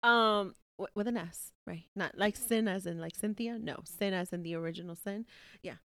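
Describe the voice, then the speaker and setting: A woman's voice: medium pitch, normal speed, a bit bright, no echo, studio quality. Frank, profane young woman on a podcast. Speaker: podcast co-host. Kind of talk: casual chat.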